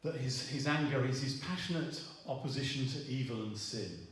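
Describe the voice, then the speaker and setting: A middle-aged man, preaching a sermon in a halting way, with many restarts and fillers. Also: medium pitch, distant mic. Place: church hall. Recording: roomy echo, voice from afar.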